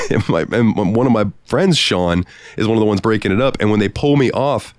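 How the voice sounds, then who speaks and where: A man co-hosting a podcast, telling profane, animated stories in casual chat. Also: fairly low pitch, brisk, no room sound, clean studio sound. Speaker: podcast co-host. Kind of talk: casual storytelling.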